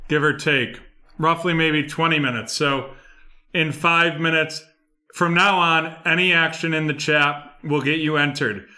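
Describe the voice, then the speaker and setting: Young male host, bright clear voice, unhurried reading of a card break rundown. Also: on the high side. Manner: rattles off names and buyers in a steady rundown.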